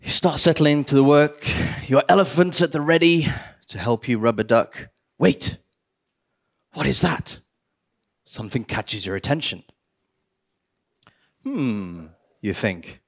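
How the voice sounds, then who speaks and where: A man giving a conference talk on stage, animated, with bursts of theatrical mock despair. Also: medium pitch, moderate pace, gravelly. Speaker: conference speaker.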